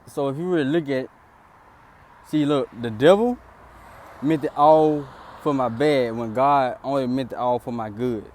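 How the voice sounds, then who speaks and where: A man's voice: measured pace, darkish tone, a little hiss or hum. A young man casually recounting a story outdoors in a rambling, repetitive way. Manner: rambling, repetitive "then boom" narration.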